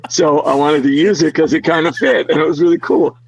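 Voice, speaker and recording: A man being interviewed as an actor guest, telling stories in an animated way, laughing often and full of fillers. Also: fairly high pitch, brisk, creaky, rough recording. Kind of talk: casual interview storytelling.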